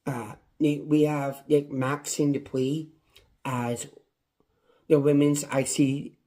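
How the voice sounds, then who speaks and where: A man's voice: on the high side, flat delivery, takes it slowly, dark tone. A man reviewing a wrestling show on his own, in a passionate, repetitive rant. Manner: impassioned, ranting, repetitive. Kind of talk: casual solo review.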